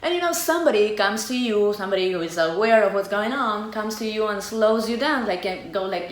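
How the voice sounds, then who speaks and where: A middle-aged woman with an Argentine Spanish accent, talking in English as a tango teacher in a casual vlog. She is chatty and expressive, and she acts out small scenes with her voice. Her mid-range voice rings in an echoey room with faint ambience behind it. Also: medium pitch, fairly quick, hardly any pauses, a little hiss or hum. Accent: Argentine Spanish (porteño). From Argentina, Buenos Aires.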